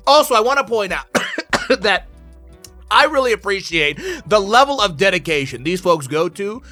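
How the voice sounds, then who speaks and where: A man hosting a reaction video, reacting loudly and profanely with excitable outbursts. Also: sits high, moderate pace, faint music behind. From United States. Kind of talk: casual reaction commentary.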